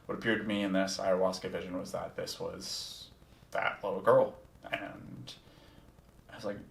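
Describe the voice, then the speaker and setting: A podcast host tells a personal story in a casual first-person way, candid and reflective, swearing freely. His voice sits low and is gravelly, with a flat delivery at a moderate pace. He's far from the mic, so the sound is roomy.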